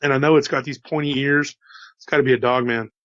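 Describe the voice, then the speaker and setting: A man with a faint Texas drawl tells a story in a loose, folksy way, turning aside to talk straight to his listeners. His voice sits at an ordinary pitch. The recording is dry and a bit muffled. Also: fairly even intonation, fast talker, a bit bright, no echo. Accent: slight Texas drawl. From Texas, USA. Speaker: host telling encounter stories. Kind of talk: casual storytelling.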